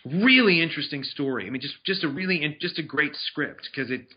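A man's voice: fairly high pitch, expressive, a little fast. A man talking casually about films he has seen, rambling with restarts and fillers. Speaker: film reviewer. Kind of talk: casual movie review chat. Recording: dull lo-fi sound.

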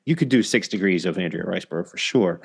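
Male podcast host, low voice, rambling casual chatter with frequent laughs. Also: expressive, quick pace, vocal fry, slightly rough. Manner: rambling, self-interrupting, laughs often.

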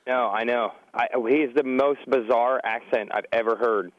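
A man's voice: medium pitch, fairly even intonation, moderate pace, dry recording. Man on a dull lo-fi line. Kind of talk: casual chat.

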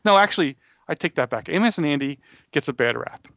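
A man co-hosting a casual podcast chat, rambling quickly with frequent restarts. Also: on the high side, expressive, a bit bright, no room sound. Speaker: podcast co-host. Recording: dull dry close-mic audio.

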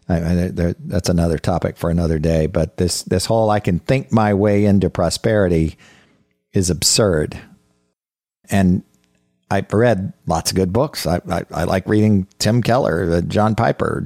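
A man hosting a podcast, giving an earnest, conversational Bible teaching, halting often and restarting his words. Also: low-pitched, vocal fry, a little mellow, no room sound, studio quality.

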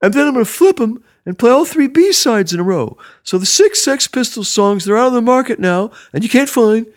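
A man doing an excited male late-night rock radio DJ with a wheezy, asthmatic voice. The voice jumps far above the speaker's own and gets much louder. He announces in a hyped, breathless rush. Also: very high voice, fairly quick, pitched above the performer's own voice.

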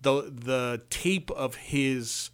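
A man with an ordinary mid-pitched voice co-hosts a loose conversation. He is blunt and sardonic, throwing out topics from his list and dismissing what he dislikes. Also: very slow, clean tone. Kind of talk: casual chat.

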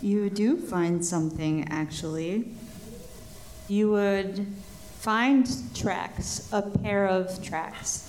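A woman running a tabletop game as game master, narrating a live show at a convention in an unhurried way with hesitations. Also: medium pitch, a little mellow. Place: convention stage before a live audience.

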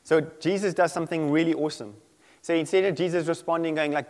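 A male preacher delivers a sermon, animated and quick to act out the voices he quotes. His voice sits fairly high, and it rings out with the long reverb of a large hall. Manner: animated, acts out quoted voices, laughs often.

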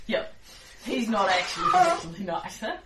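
A woman playing a tabletop game, chatty and quick to laugh. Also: medium pitch, sing-song. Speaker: player. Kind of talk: casual tabletop play. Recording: roomy distant recording, faint hiss.

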